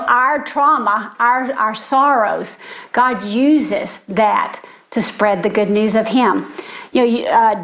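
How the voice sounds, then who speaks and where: An older woman with grandchildren, giving a sermon in an earnest storytelling way. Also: fairly high pitch. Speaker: speaker.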